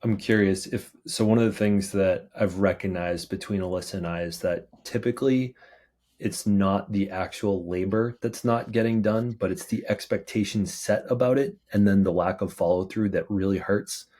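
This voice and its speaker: Podcast host: man with a very deep voice, casual and hesitant, fills his pauses. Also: steady tone, mellow. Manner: hesitant, restarts and filler words. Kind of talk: casual interview chat.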